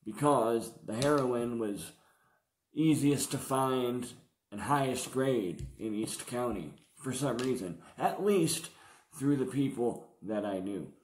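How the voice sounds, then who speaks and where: A man's voice: mid-range voice, lively intonation, slow pace, a little mellow, a little hiss or hum. A man vlogging about his past addiction in casual, slangy, profane storytelling. He comes across as confessional. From San Diego area. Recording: roomy echo.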